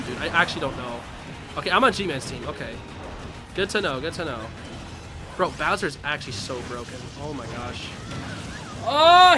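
A young man streaming a fighting game, reacting loudly with yelps, laughs and slangy trash talk. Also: high-pitched. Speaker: gaming streamer. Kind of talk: live gameplay commentary.

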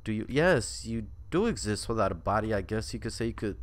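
A young man commenting on a horror game as he plays, joking and reacting, dropping to mutters and jumping to yells. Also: lowish voice, animated, a little fast, a little hiss or hum. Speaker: gaming YouTuber. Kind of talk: let's play commentary.

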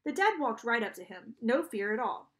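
A woman's voice: on the high side, big pitch swings, normal speed. A woman reading a storybook aloud, narrating and voicing the characters, with small restarts and self-corrections. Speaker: audiobook reader.

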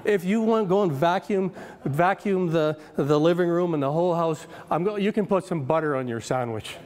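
A man's voice: on the high side, moderate pace, darkish tone, close to an everyday voice. A man doing a fussy old mother near eighty. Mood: bargaining. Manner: fussy, bargaining and instructive.

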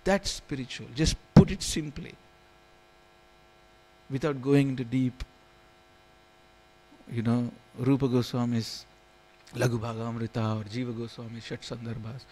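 A man's voice: medium pitch, fairly even intonation, unhurried, long pauses, a little mellow. A man teaching a scripture class in a temple hall, telling stories and often asking if listeners understand. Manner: storytelling, keeps asking "you understand?", chuckles.

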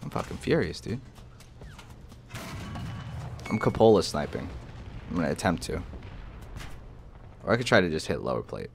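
A young man casually commentating his own tank gameplay, excitable and profane, often jumping into loud outbursts. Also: low-pitched, brisk, creaky. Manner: excitable, profane, bursts into shouts. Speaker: gaming channel host. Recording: faint game noise behind. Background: game artillery and battle noise.

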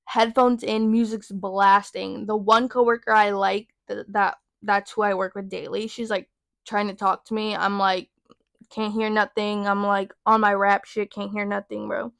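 A young woman in her twenties hosting a podcast, telling a work story in a sassy, profane, animated way. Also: mid-range voice, normal speed, creaky, no room sound, studio quality. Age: young adult. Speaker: podcast host. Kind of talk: casual storytelling rant.

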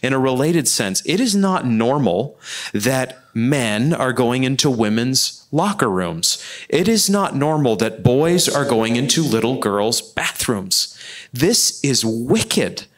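A man's voice: mid-range voice, sing-song, measured pace. A man speaking on a church panel, earnest and impassioned, often repeating his phrases.

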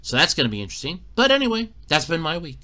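A man's voice: fairly high pitch, huge pitch swings, very fast, sharp tone. A man hosting a casual solo podcast, telling an exasperated, swearing story, recorded in a borrowed room at a fire company. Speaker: podcast host.

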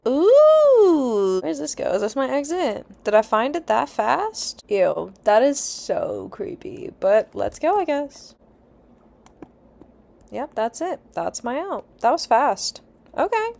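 A woman's voice: high-pitched, big pitch swings, slow pace, gravelly, a little mellow. A young woman giving casual, easily scared let's-play commentary, chatty and swearing, with nervous laughs. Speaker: gaming YouTuber.

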